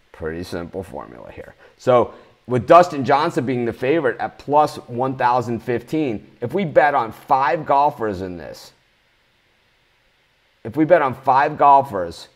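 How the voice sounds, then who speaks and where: A man hosting a live sports betting show, talking bluntly in a ranting, swearing manner. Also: mid-range voice.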